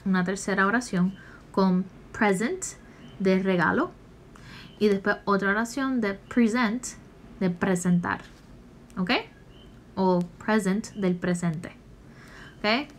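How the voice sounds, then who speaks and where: A woman teacher recording a lesson, slowly and patiently explaining each answer step by step. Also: mid-range voice, slight background noise. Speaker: English teacher.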